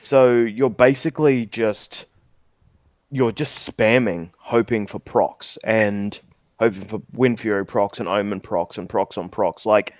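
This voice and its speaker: A man's voice: lowish voice, fairly even intonation, measured pace, no echo. A man in a casual podcast chat, confidently explaining game mechanics at length.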